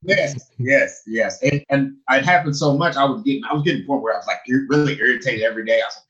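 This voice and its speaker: Brief: animated male guest, bright edgy tone, acts out the people in his stories. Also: quick pace, highs cut off. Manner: animated, acts out people with big pitch jumps. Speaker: guest who lived in China. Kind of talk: casual storytelling chat.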